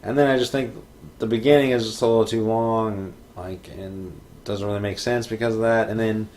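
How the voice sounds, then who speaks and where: A man's voice: fairly low pitch, steady tone, a little fast, darkish tone. A man co-hosting a podcast, talking casually about a film with easy hesitations. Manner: easygoing, hesitant with fillers. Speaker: podcast co-host. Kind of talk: casual movie review chat.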